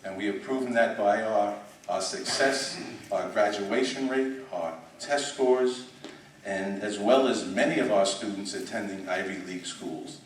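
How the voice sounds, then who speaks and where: Middle-aged man as a superintendent at a podium, emphatic and repetitive, slightly low voice, recorded from afar in a large reverberant room. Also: unhurried, a little hiss or hum. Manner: emphatic, repeats words and restarts. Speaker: school superintendent. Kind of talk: conference speech. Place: conference room. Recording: echoey hall, speaker far from mic.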